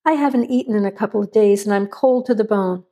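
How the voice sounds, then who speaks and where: A woman's voice: medium pitch, fast talker, dark tone, close to an everyday voice. A woman reading the part of a hunted man on the run, curt and stern. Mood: terse. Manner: curt and demanding.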